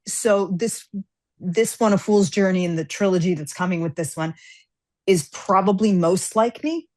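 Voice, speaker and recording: A woman guest author chatting casually on a podcast, telling stories with lively acted-out dialogue. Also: fairly low pitch. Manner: animated storyteller, acts out characters' lines.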